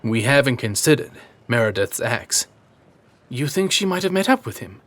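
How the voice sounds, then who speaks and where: A man voicing a blunt, cursing bodyguard and ex-soldier, gruff in manner. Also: mid-range voice, very animated, normal speed, fairly bright tone.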